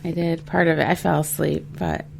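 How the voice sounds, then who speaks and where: Flat, gravelly low-voiced woman co-host. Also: fairly quick, a little hiss or hum. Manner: hesitant, with many ums and restarts. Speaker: podcast co-host. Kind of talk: casual podcast chat. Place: podcast studio.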